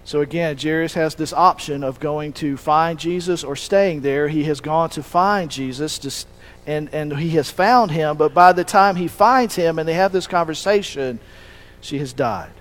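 A man's voice: on the high side, moderate pace, rough recording. A man preaching a sermon in a conversational way, asking rhetorical questions and restarting sentences as he goes. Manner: restarts and self-corrects mid-sentence.

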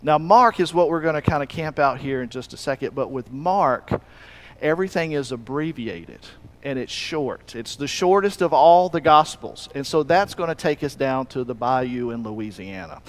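A man's voice: medium pitch, expressive, normal speed, a little hiss or hum. A man from Alabama with a Southern accent, preaching a folksy, joking sermon that rambles loosely from point to point. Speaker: pastor. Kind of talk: sermon with humor.

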